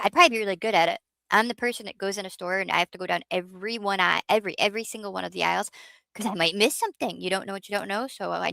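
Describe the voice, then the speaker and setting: A woman's voice: mid-range voice, gravelly, fairly bright tone, no echo. A woman hosting a casual livestream, chatting with viewers in a rambling, self-mocking way. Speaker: livestream host.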